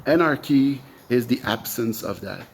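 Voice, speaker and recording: A man hosting a solo podcast, explaining ideas slowly and reflectively, step by step. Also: mid-range voice, animated, gravelly, a little hiss or hum. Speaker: podcast host.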